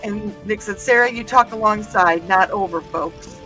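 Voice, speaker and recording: A woman's voice: medium pitch, normal speed, bright, forceful tone, faint music behind. A woman hosting a livestream in casual chat, reading viewer comments aloud and laughing often. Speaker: livestream host.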